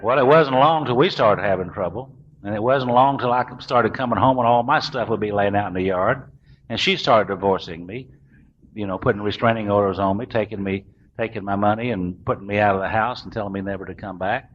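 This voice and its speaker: A man's voice: fairly low pitch, brisk. A middle-aged man, telling his recovery story to a meeting in a folksy, self-mocking way. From US South. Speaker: recovering alcoholic speaker. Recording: dull lo-fi recording, faint room hiss.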